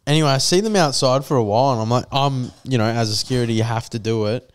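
A man's voice: medium pitch, fast, smooth. A man with an Australian accent, a podcast host telling a crude, profane story in casual chat and acting out the quotes.

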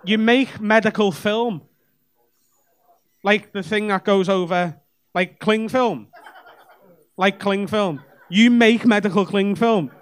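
A male stand-up comedian does cheeky, sweary crowd work on a club stage, bantering with the audience through a handheld mic. His voice sits high with a clear, resonant tone, and he takes it slowly with long pauses. The clip is a live comedy club recording with audience laughter.

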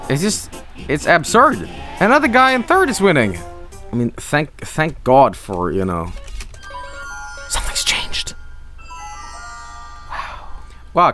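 A male game streamer talks casually over his play, rambling, cursing freely and breaking into silly asides. His voice sits slightly high and swings wildly in pitch. Faint music plays behind him. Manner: rambling, profane, animated, jumps to silly voices. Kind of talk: casual gameplay commentary.

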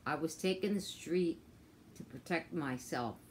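A woman ranting casually into her phone, frustrated and profane, halting with many fillers. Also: low voice, slight background noise. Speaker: vlogger. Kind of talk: casual rant to camera. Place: outdoors on a walk.

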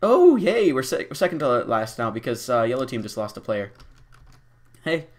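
A man giving casual, rambling commentary while playing a game, self-mocking and deliberately goofy, with lots of ums and restarts. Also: mid-range voice. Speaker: gameplay commentator. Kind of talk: casual Let's Play commentary.

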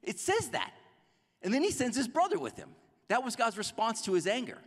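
A man preaching a sermon as a pastor, in a conversational, animated way that acts out quotes. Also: very high-pitched, fairly quick, in a large hall. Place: church sanctuary.

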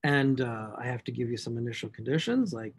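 Gravelly math lecturer. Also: male voice, mid-range voice, brisk. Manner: talks to himself while writing equations, animated emphasis. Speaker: math instructor. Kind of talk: recorded class lecture.

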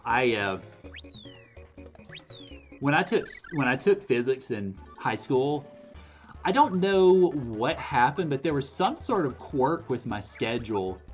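A man's voice: sing-song, takes it slowly, pauses often, lo-fi sound, faint music behind. A young man from Alabama, chatting casually while streaming a game, rambling and correcting himself. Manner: rambling, self-correcting, pitch swinging up when stressed.

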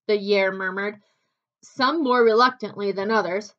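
A woman reading a children's novel aloud with expressive, unhurried narration. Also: medium pitch. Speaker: storybook reader. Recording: dull lo-fi recording.

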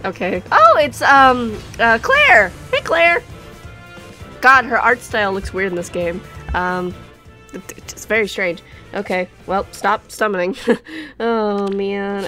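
A young woman talks through her gacha summons in a fairly high voice, giggling and begging the game for the character she wants. She sounds excitable throughout, and soft game music plays faintly underneath. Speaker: YouTuber.

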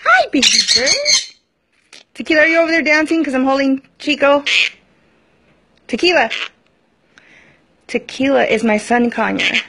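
A woman's voice: sits high, steady tone, moderate pace, long pauses, a bit bright. A woman filming her pet parrots at home, talking to them in sing-song baby talk. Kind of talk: casual talk to pet birds. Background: squawking parrots.

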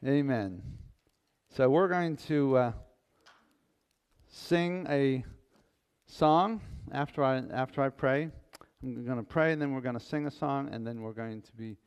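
A male pastor preaches in a church sanctuary at a slow, unhurried pace, with a voice of ordinary male pitch. His delivery is folksy and playful, and it settles into a calm tone for the closing prayer. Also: smooth.

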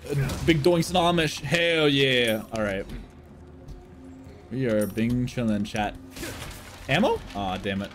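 A young man giving live gameplay commentary as a streamer, swearing often and shouting at enemies. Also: fairly high pitch. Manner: animated, swears a lot, laughs and shouts at enemies. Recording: game music in the background.

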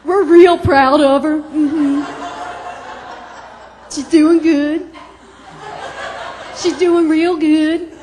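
Lady doing her mom on the phone, loud and drawly, real high and bragging. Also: fairly even intonation, extremely slow, pauses often, a little hiss or hum. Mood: proud. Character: chatty proud Southern mom on the phone.

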